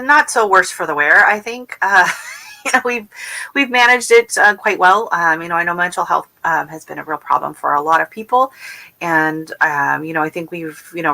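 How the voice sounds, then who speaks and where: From home, a gardening channel host chats casually on a livestream, reading and answering viewer comments. She rambles, using lots of fillers and restarts, in a deep, pushed, bright voice with vocal fry.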